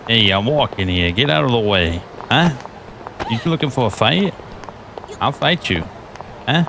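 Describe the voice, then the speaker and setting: A man's voice: medium pitch, very animated, a little slow, background noise. A man doing a brash New York street tough. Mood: belligerent. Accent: New York put-on. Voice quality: gruff, shouting, confrontational. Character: brash male street tough strutting on a sidewalk.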